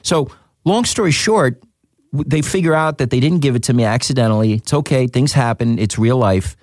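A man, an actor, telling a story in a casual interview, animated and repeating words as he goes. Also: fairly quick, no echo, clean studio sound. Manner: animated, jumps up in pitch acting out quotes, repeats words. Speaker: actor guest.

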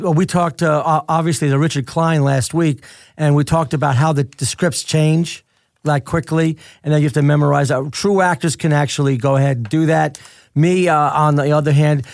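A man's voice: on the high side, fairly even intonation, normal speed, dry recording, clean studio sound. Chatty male interview host. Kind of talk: casual interview talk.

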